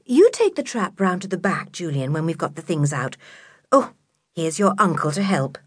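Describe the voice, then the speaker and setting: A kind, fussing mother from a children's storybook, as a woman narrator voices her, gentle and soothing, often dropping to a soft, breathy hush. Her pitch moves a lot, and the recording is close and dry. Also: sing-song, normal speed, no echo.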